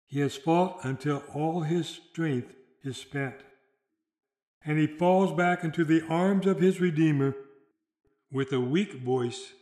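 A man delivering a sermon in a solemn, measured way, slowing down for dramatic quotations. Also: a little high, darkish tone, reverberant. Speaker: preacher.

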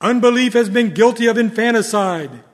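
High-voiced preacher in a reverberant hall. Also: male voice, moderate pace. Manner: dramatic oratory, swings from loud to hushed. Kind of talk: sermon.

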